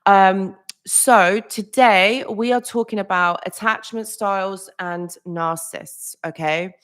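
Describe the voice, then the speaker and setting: A woman's voice: mid-range voice, fairly even intonation, slow pace, a bit bright, clean tone. A woman hosting a psychology live stream, chatting casually, greeting viewers by name, and leaning on "literally" and "like". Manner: loose, with frequent restarts and small laughs. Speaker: psychology channel host.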